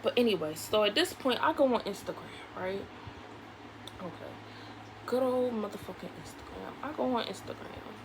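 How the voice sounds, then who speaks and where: A woman vlogger chatting through a storytime while she does her makeup, animated and candid, acting out the people in her story and swearing casually. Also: mid-range voice, normal speed, noisy background. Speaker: beauty vlogger.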